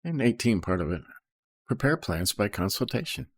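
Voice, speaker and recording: Husky deep-voiced man explaining scripture. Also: sing-song, normal speed, no echo. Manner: reads verses then explains, peppered with "okay?" and "right?". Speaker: Bible study teacher. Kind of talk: casual Bible commentary.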